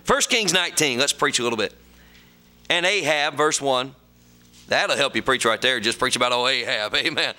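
A man's voice: mid-range voice, moderate pace, pushed and bright. A middle-aged man preaching a sermon, telling folksy stories and reading scripture aloud.

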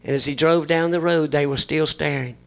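A man's voice: a little high, steady tone, brisk, gravelly. A man preaching a folksy sermon, telling humorous stories and acting out the voices of the people in them. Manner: folksy joking, acts out voices in his stories. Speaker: visiting preacher.

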